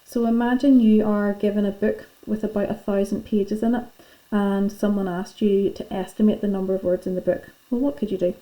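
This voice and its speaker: A woman's voice: medium pitch, steady tone, fairly quick, hardly any pauses, mellow, low-quality recording. A woman teacher, patiently and chattily talking pupils through filling in their lesson notes. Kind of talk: classroom lesson going through worksheet notes.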